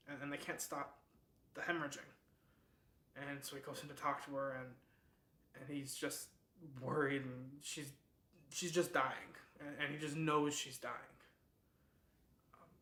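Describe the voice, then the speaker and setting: A man's voice: mid-range voice, bright, forceful tone. A man hosting a book club, retelling a novel's plot in a casual, chatty way, full of fillers and restarts. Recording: echoey room.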